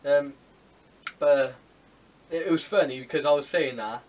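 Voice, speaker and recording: Young male co-host, excitable storyteller, slightly high pitch, recorded off-mic. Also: moderate pace, recorded from a distance, poor audio. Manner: excitable, swears freely, laughs often. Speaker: podcast co-host. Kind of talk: casual chat.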